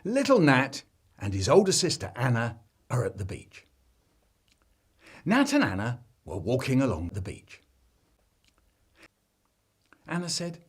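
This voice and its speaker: A man reading children's stories aloud, playful and animated, with sound effects and silly voices. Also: mid-range voice, a little slow, pauses often, breathy edge. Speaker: children's poet and storyteller. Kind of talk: expressive children's story reading.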